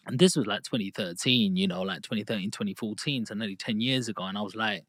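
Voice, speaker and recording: A man's voice: fairly low pitch, fast talker, hardly any pauses, no echo. A man in his thirties, a podcast guest, talking casually and telling stories that act out other people's words. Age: 30s. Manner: lively storyteller who acts out quoted dialogue. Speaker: guest, property investor. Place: podcast studio booth.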